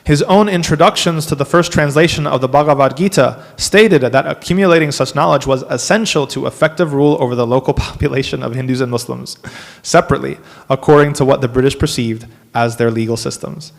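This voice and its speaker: A man, an imam, giving a workshop lecture to a live audience, animated and dropping wry asides. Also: medium pitch, brisk, gravelly. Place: mosque hall. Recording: long hall reverb.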